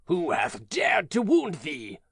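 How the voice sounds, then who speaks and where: A man voicing a huge old giant in a storybook reading, speaking slowly and solemnly in old-fashioned words. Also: high voice, huge pitch swings, gravelly, a bit bright, slightly rough, dry recording, heavily acted. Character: huge old male giant, gruff then tender.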